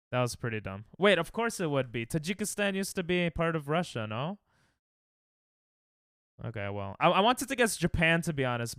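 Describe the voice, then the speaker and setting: With a voice a little high, a bit bright and clean in tone, a young man from the US plays a geography guessing game on stream. He reasons out loud and trash-talks his chat casually, and the recording is dry, clean studio sound.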